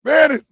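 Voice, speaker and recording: A man hosting a comedy show, ranting in a profane, animated way with yelled bursts. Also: extremely high pitch, no echo, studio quality. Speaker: host. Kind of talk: comedic rant commentary.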